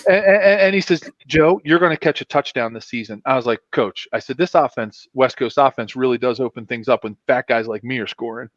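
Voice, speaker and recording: He talks fairly quickly with hardly any pauses, his voice mid-range: an ex-pro football player guesting on a casual fan show, animatedly acting out voices in his stories. The lo-fi audio is dry and dull, with no room sound.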